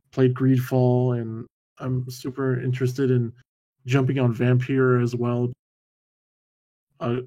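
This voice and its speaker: A man talking through a list of games in a laid-back manner, dropping dry, wry remarks. His voice is dark and mellow. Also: medium pitch. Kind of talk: casual game-discussion chat.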